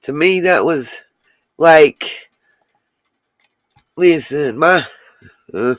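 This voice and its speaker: This livestream host is a woman with a low voice, captured in a dry recording. She keeps things casual, chatting with her audience, responding to comments as they pop up, and addressing viewers directly while wandering into lengthy asides.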